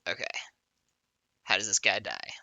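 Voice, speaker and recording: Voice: low voice, moderate pace, creaky, dry recording. A playful game master running a tabletop game, narrating actions and joking with the players. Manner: playful, laughing, lively narration.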